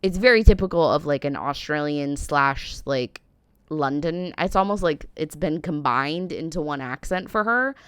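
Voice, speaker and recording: Animated and moderately paced, a deep-voiced American woman in her thirties gives opinionated reactions in her vlog, rambling with plenty of "like" and "um." Her tone is a bit bright and clean, without echo.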